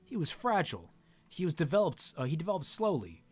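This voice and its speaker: Co-hosting a casual book reading, a man reads a novel's dialogue aloud, voicing characters plainly but often stumbling and correcting himself. His voice is a little high and slightly rough, with wildly swooping pitch and a fairly quick pace, and faint music sits behind it.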